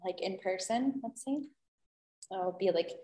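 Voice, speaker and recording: A woman who is a holistic healing guest, chatting gently and effusively in a casual interview. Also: medium pitch, normal speed, reverberant. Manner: gentle, effusive, many "beautiful"s and "um"s.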